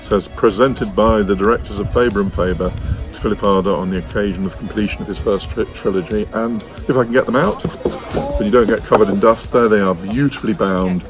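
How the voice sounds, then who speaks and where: A man who writes children's books, giving a playful talk to a festival audience and jumping into silly squeaky voices. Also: a little fast, over music. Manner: animated, silly, jumps into squeaky comic voices. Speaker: children's author.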